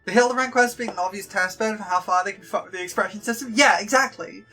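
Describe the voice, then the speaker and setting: A young woman chats her way through a game stream. Her voice is bright and clear, rambling along with plenty of fillers and playful repeated jokes. Faint game music plays underneath. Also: mid-range voice, fast. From Yorkshire, England. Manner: chatty and rambling, with lots of likes and ums. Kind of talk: casual livestream chat.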